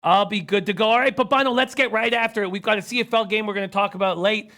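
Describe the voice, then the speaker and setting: A man's voice: sits high, steady tone, fast, bright, forceful tone. A man hosting a sports betting show, losing his voice, reading viewer comments and rattling off stats. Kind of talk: casual sports betting talk.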